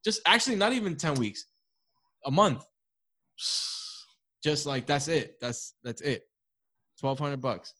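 A young man, co-hosting a casual podcast chat, swearing freely and telling animated stories. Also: on the high side, measured pace, pauses often, no room sound. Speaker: podcast co-host.

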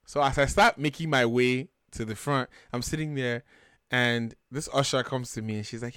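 Lively Nigerian man telling stories. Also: medium pitch, normal speed, clean tone, no room sound, clean studio sound. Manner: animated, jokey, acts out quotes. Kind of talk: casual chat, storytelling.

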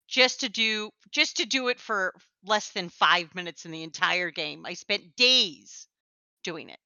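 Woman co-host, casual chat, bright clear voice, self-deprecating and laugh-prone, dry close sound that is a bit dull and lo-fi. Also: mid-range voice, expressive, a little slow, no echo. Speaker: podcast co-host.

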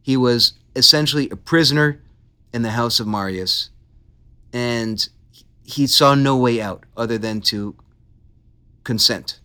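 A man hosting a casual history podcast, telling the story with animated, playful asides. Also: mid-range voice, unhurried, pauses often, clean tone. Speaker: podcast host.

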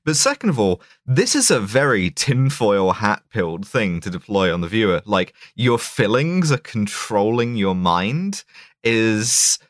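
A man with a low voice, co-hosting a podcast and reviewing a film in casual chat. He riffs in dry, ironic, mock-academic tones and stumbles over fillers. The recording is close and dry. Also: very animated, a little slow, no room sound. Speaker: podcast co-host.

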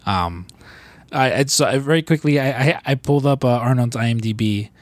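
A man co-hosting a podcast, talking in loose, profane, rambling banter with quick mock voices. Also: medium pitch, no echo. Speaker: podcast co-host.

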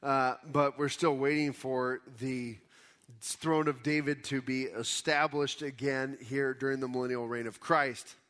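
A pastor preaching a conversational sermon, explaining scripture casually in everyday words. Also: male voice, mid-range voice, steady tone, unhurried, a bit bright. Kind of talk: conversational Bible teaching sermon.

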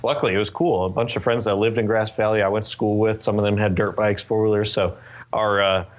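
A man in his twenties from Northern California, telling stories in a relaxed interview chat with lots of fillers and restarts. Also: fairly low pitch, fast talker, highs cut off. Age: 20s. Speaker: interview guest, race car driver.

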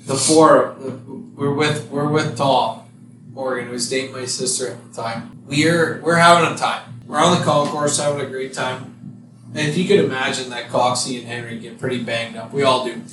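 A man telling a story to friends in casual podcast chat, profane and quick to throw in jokes. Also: medium pitch, fairly even intonation, recorded from a distance, noisy background. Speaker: podcast co-host. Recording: echoey room, off-mic, clear ambience.

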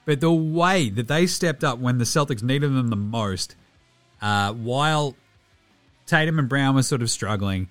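A young Australian man hosting a casual basketball podcast, rattling off stats with lively, self-mocking banter and the odd swear. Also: mid-range voice, faint music behind. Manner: animated, swearing, self-mocking, quick stat rundowns. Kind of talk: casual game recap.

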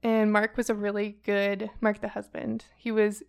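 Chatty young woman with a smooth voice. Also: medium pitch, monotone, moderate pace, darkish tone. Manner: chatty, hesitant, laughs often. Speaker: podcast co-host. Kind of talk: casual true crime podcast storytelling.

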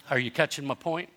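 An older man preaching a sermon, telling stories in a conversational way with restarts and building to emphatic, animated runs. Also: on the high side. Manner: conversational storytelling with self-interruptions. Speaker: pastor.

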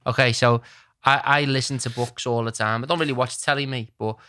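Lively young man. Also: medium pitch, a little fast. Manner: rambling animated storytelling with British slang. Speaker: storyteller in casual chat. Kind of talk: casual chat.

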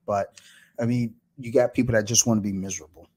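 A man with a slightly low voice, hosting a laid-back podcast conversation. He talks in an easygoing way, laughs often and swears casually. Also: fairly even intonation, quick pace, mellow. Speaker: podcast host.

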